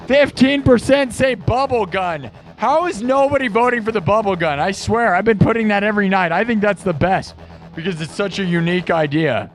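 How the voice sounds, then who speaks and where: A man's voice: high voice, lively intonation, normal speed. A man hosting a live music stream in casual, brash, teasing chat. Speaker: livestream host and musician.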